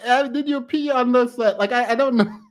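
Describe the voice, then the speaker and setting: A woman's voice: on the high side, moderate pace. A woman reacting to a clip in casual commentary, outspoken and laughing often between remarks.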